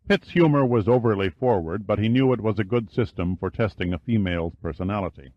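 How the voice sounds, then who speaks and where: A low-pitched man reads an audiobook in a measured, steady way. The recording is dry and close, with a slightly dull, muffled top end. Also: no room sound. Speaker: audiobook narrator. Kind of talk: scripted narration.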